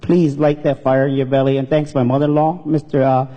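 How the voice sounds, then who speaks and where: A comedian giving an earnest, emotional storytelling speech on a stage. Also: male voice, medium pitch, little pitch movement, fairly quick, warm tone. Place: stage in a hall. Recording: long reverb in a hall.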